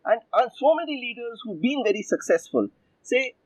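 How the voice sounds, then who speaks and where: An older executive coach with an Indian English accent answers interview questions emphatically, laying out his points as lists and acting out what other people said. His voice is very high with big pitch swings at a moderate pace, and the recording is dry, dull and muffled.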